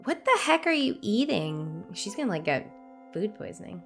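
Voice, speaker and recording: A woman's voice: medium pitch, sing-song, moderate pace, soft background music. A young woman streamer reacting playfully while playing a story game, slipping into silly voices. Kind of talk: let's play commentary.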